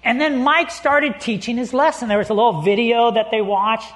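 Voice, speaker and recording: A man's voice: very high voice, moderate pace. A man preaching as a pastor, telling a personal story with humor and acting out the people in it before reading scripture. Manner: lively storyteller, acts out quotes, laughs easily.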